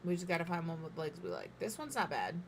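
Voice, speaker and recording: A woman in her thirties with a slightly low voice talks through her building choices in a loose, chatty way, teasing herself as she goes. She sometimes speaks while chewing. A faint hum of room noise sits under her voice. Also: wildly swooping pitch, fast. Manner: chatty, self-mocking, thinks aloud. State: talking while eating. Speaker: game builder streamer. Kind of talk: casual build commentary.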